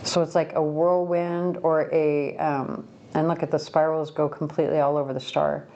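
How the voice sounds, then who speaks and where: Low-voiced chatty woman tarot reader. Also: level tone, normal speed, mellow, muffled recording. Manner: chatty, rambling, self-correcting. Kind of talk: casual pick-a-card reading. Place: home room by a window.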